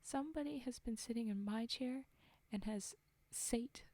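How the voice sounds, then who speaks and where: Woman whispering as a shrill tiny bear cub. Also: measured pace, no echo. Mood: indignant. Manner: whispered, with a sharp, shrill edge. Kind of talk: whispered role-play.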